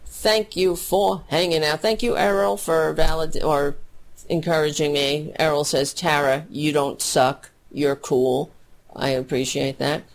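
Low, creaky, and unhurried, with little movement in pitch, this political talk show host's voice carries blunt, heated livestream commentary. She grows emotional as she expresses gratitude to her audience.

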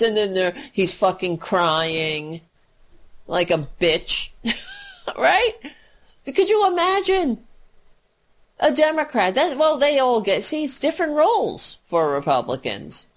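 A woman's voice: fairly high pitch, very animated, slow, pauses often. A woman delivering an angry political rant, swearing freely, tripping over her words and mocking others with sarcastic put-on voices. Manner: profane, sarcastic, mocks people in put-on voices; restarts and stumbles while fuming.

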